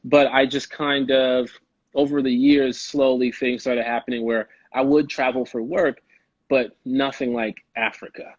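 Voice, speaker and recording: A young man from Chicago, a guest actor telling stories in a casual, animated way and laughing often. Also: medium pitch, unhurried, no echo, dull audio. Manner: animated, laughing storyteller who slips into quoted voices. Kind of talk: casual storytelling.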